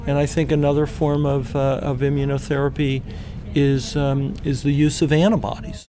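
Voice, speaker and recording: A man's voice: medium pitch, little pitch movement, normal speed. Male scientist, interview answer, thoughtful with restarts, light background noise. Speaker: cancer researcher.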